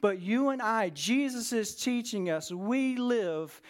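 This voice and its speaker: A man's voice: high voice, lively intonation, takes it slowly. A man preaching a conversational sermon to a church congregation, telling stories with plenty of fillers. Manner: casual, storytelling, many fillers. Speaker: pastor. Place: church service with a live congregation.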